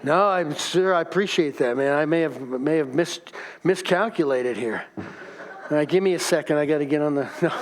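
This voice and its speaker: A man's voice: fairly high pitch, moderate pace, a little hiss or hum. A middle-aged man preaching a casual, joking sermon as pastor, chatting directly with the congregation.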